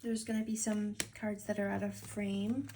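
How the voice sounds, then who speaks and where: Gushing tarot reader woman with vocal fry. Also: medium pitch, level tone, normal speed, noisy background. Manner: gushing, affectionate and emotional. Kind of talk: tarot reading to camera.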